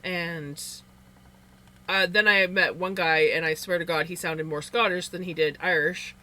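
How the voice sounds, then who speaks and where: A woman's voice: fairly low pitch, steady tone, unhurried, pushed and bright. A woman with a Canadian accent hosting a livestream, chatting casually with viewers, rambling with frequent restarts and little laughs. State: sleepy. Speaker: livestream host. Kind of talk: casual chat reading viewer comments.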